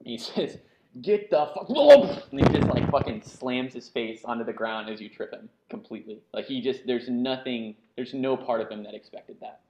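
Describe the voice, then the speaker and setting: A man's voice: mid-range voice, level tone, fairly quick, hardly any pauses, a little mellow, lo-fi sound, a little hiss or hum. A man narrating as game master, telling the action loosely with many fillers and asides.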